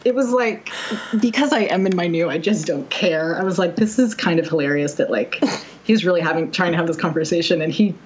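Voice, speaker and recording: A woman's voice: on the low side, fairly quick, slight background noise, rough recording. A young woman chatting casually, telling a dating story in a rambling way, full of fillers and wry quoted asides. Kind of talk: casual chat.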